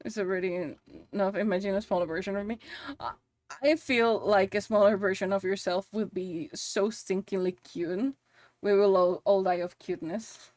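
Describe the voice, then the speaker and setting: A woman's voice: mid-range voice, fairly even intonation, moderate pace, darkish tone, dry recording. A woman with a Spanish accent chatting casually on a live stream while she works, giggly and swearing playfully. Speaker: VTuber streamer and model rigger.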